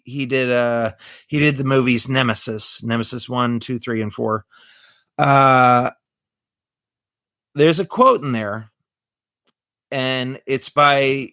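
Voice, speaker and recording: Slow bright-voiced guy rambling through corny jokes on his vlog, lots of uhs. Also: mid-range voice, clean tone, no echo, studio quality. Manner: rambling, halting, many fillers; corny jokey delivery. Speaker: vlogger showing magic tricks. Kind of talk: casual vlog chat.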